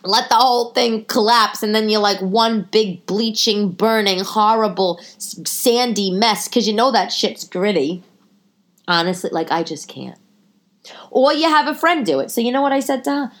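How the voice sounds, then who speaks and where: A middle-aged woman hosting a podcast, telling a long story in a chatty, animated way with lots of restarts. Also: mid-range voice, moderate pace. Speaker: podcast host. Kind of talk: casual storytelling monologue.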